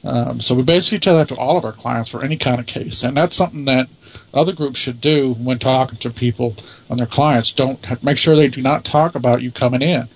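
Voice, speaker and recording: A man's voice: medium pitch, brisk. A man who leads a paranormal investigation team answers interview questions in a matter-of-fact, self-assured way.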